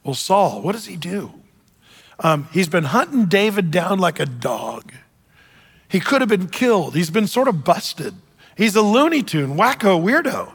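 A male pastor preaching a sermon, telling the story in an animated way with joking asides. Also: high-pitched, measured pace, breathy edge. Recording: long hall reverb.

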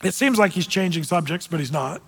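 High-voiced man preaching in a reverberant hall. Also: fairly quick, husky. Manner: animated, acts out quoted voices. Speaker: pastor. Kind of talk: sermon.

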